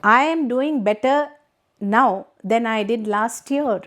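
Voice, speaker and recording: Middle-aged Indian English woman teacher, unhurried and patient, explains line by line, slightly high pitch. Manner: slow, patient, asks rhetorical questions. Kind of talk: classroom lesson reading and explaining a text.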